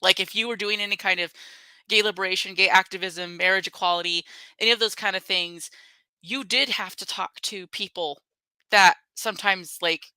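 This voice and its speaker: Bright-voiced woman in dry close sound. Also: mid-range voice, fairly even intonation, normal speed, clean tone, no room sound, poor audio. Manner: candid, blunt, laughs readily. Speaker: guest. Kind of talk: casual conversation.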